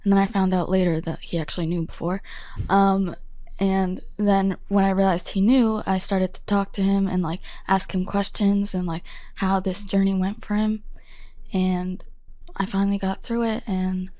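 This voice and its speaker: A woman's voice: medium pitch, little pitch movement, normal speed, dark tone, dry recording. A young woman of about eighteen, a guest in an interview, talking casually and often saying "like", with a self-mocking streak. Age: late teens.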